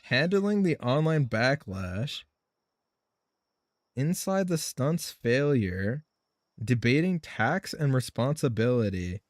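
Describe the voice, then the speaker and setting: A man's voice: mid-range voice, sing-song, slow pace, dry recording. Man, game streamer, casual rambling chat, heavy swearing, frequent laughs, dry close sound. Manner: profane, loose and rambling, laughing often.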